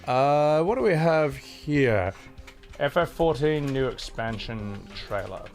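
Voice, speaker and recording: A man's voice: mid-range voice, lively intonation, takes it slowly, a little mellow, soft background music. A man streaming live, chatting casually with his viewers, swearing and laughing as he reacts to their comments.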